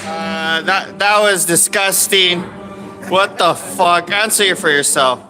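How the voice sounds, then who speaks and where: A man's voice: sits high, slow, music in the background. A man hosting a live comedy show and livestream, rambling with lots of ums and uhs. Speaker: show host and emcee. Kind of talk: livestream emcee chat. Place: comedy club stage.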